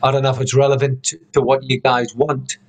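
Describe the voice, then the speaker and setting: A man's voice: mid-range voice, little pitch movement, fairly quick. Rambling man teaching harmonica online. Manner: rambling, many "you know"s and restarts. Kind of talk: casual online lesson. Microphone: video call computer mic.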